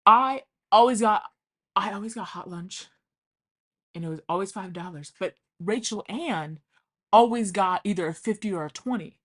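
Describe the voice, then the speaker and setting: A young woman vlogger tells funny childhood stories in a chatty, casual way, swearing freely and acting out what people said. Her voice is mid-range and she speaks at normal speed.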